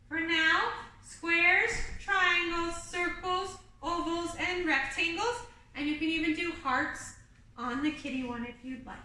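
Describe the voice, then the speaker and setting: A woman teaching kindergarten online, her voice very high and bright as she walks small children through their lessons. She talks slowly and clearly, sometimes breaking into simple songs. The sound is roomy and echoey, picked up from a little distance. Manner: slow, clear teacher talk to young children, singing vowel songs. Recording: echoey room, a bit far from the mic.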